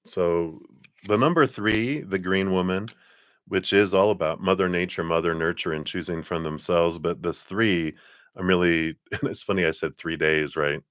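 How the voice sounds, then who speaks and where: Man reading tarot on a live stream, very low voice, dry close sound, chatty, laughs a lot. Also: moderate pace, fairly bright tone, dry recording. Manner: chatty, laughs often, acts out little quotes. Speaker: tarot card reader. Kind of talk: live-stream card reading, casual chat.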